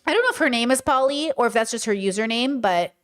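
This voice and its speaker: Emphatic woman streamer, higher voice. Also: expressive, fast. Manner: emphatic, conversational, mocking impressions. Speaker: podcast host. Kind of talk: casual commentary stream.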